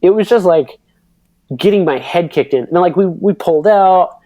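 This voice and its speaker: A man in his thirties telling a racing story on a podcast, rambling and animated with lots of fillers and acted-out quotes. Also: sits high, moderate pace, no echo. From United States. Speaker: podcast guest, pro cyclocross racer. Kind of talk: casual storytelling.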